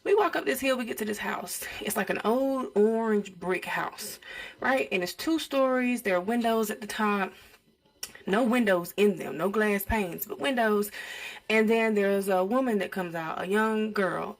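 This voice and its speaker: Animated young woman telling a dream story. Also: mid-range voice, brisk. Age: young adult. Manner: animated, acts out quoted speech. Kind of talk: casual storytime recounting a dream.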